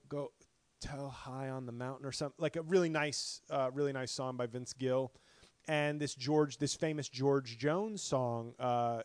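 A man with a slightly raised voice riffs through a casual comic monologue, swearing freely and jumping between tangents. He bursts louder whenever a bit takes off. The sound is close and dry with no room around it. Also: a little high, no room sound. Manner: rambling, profane, quick tangents with sudden bursts of volume. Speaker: podcast host.

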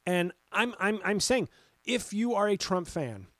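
A man's voice: high voice, a little slow, no room sound. A man, a comedian hosting his own podcast, ranting in a casual monologue with sarcasm and plenty of swearing. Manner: animated, ranting, swears freely; sarcastic, talks back to critics.

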